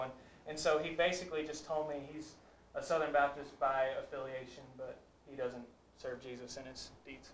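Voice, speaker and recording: A man's voice: mid-range voice, little pitch movement, normal speed, fairly bright tone. A young man from the congregation telling a personal story about sharing the gospel. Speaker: church member sharing a story. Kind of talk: personal testimony. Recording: roomy, faint background noise.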